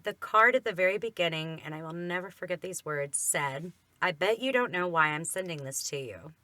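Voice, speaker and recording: Woman podcast co-host, earnest and emphatic, slightly low voice with a bright edge. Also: expressive, moderate pace, no echo. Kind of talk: faith podcast storytelling.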